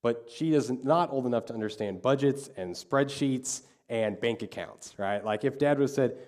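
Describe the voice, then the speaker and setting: A man's voice: mid-range voice, expressive, normal speed, hardly any pauses, a little mellow. A male pastor preaching a sermon, telling a story and acting out the quoted dialogue.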